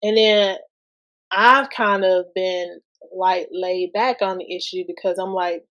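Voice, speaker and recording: A woman's voice: lowish voice, fairly even intonation, fairly bright tone. A woman, guest-hosting a podcast and talking casually about parenting, asking lots of rhetorical questions. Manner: slow, conversational, asks many rhetorical questions.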